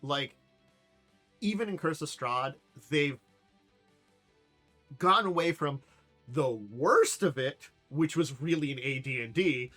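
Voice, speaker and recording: A man's voice: on the high side, lively intonation, takes it slowly, pauses often, sharp tone, faint music behind. A man hosting a casual tabletop podcast, rambling and self-deprecating, laughing at his own jokes. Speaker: podcast host. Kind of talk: casual chat.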